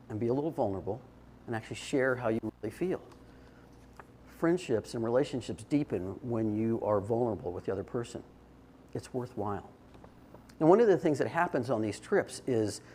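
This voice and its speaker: A man's voice: mid-range voice, dark tone, a little hiss or hum. An older man giving a short, informal talk to an audience, telling stories in a conversational way with restarts and fillers. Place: indoor event space.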